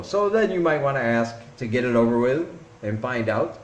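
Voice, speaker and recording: A man vlogging casually, teaching travel phrases slowly and deliberately, repeating each one several times. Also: mid-range voice. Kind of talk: casual instructional vlog. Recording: echoey room with faint traffic noise.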